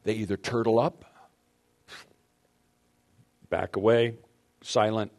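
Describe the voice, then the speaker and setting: A man's voice: lowish voice, steady tone, slow pace, a little mellow. Man giving an emphatic marriage talk. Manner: emphatic, addresses audience directly. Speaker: marriage seminar speaker. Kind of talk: teaching talk to couples.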